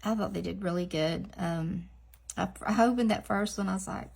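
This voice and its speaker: A middle-aged woman, chatting casually in a nail art vlog, rambling and laughing often, with soft asides. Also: medium pitch, moderate pace, vocal fry, a little hiss or hum.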